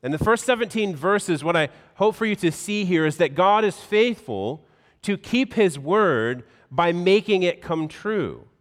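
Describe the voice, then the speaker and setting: A pastor reading scripture aloud in a measured, solemn way, then preaching a sermon in a church. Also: male voice, high voice, lively intonation. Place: church sanctuary. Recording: long hall reverb.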